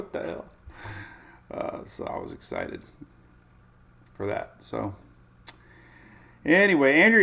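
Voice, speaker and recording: A middle-aged man chatting on a casual weather livestream from a home studio. He rambles and thinks aloud, dropping plenty of ums and uhs. His voice sits at an ordinary mid pitch. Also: fairly bright tone. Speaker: weather show host.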